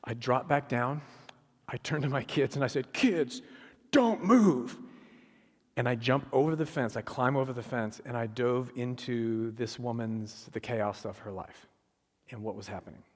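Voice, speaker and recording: Middle-aged guy preaching, lively storyteller doing little voices, big church echo. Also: medium pitch, normal speed. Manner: animated storyteller acting out voices. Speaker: guest speaker. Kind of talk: storytelling sermon. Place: church sanctuary. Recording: long hall reverb.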